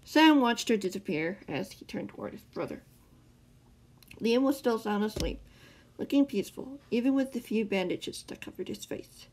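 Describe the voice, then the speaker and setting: A woman's voice: mid-range voice, normal speed. A woman reading her own fan fiction story aloud, with occasional stumbles and self-corrections. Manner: expressive narration with self-corrections.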